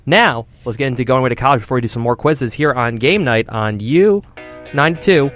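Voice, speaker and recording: A man hosting a college radio show, chatting casually and cracking quick jokes. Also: medium pitch, fairly bright tone, soft background music. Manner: joking, quick asides. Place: radio studio.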